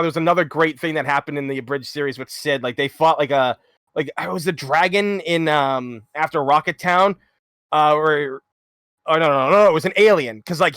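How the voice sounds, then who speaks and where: Loud, animated man on a stream. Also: a little high, moderate pace, no room sound, studio quality. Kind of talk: casual chat.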